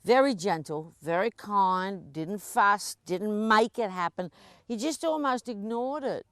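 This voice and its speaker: A woman's voice: mid-range voice, animated, unhurried, a bit bright, dry recording. A woman riding instructor coaching a rider through a lesson at a horse arena, chatty and encouraging, with frequent laughs.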